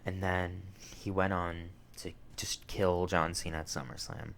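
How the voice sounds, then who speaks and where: A young man in his twenties talks through a wrestling review in a deep, low voice. He rambles with plenty of fillers, swears casually, and lets his feelings show openly. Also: level tone, a little slow, fairly bright tone, slight background noise. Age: 20s. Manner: emotional, sentimental.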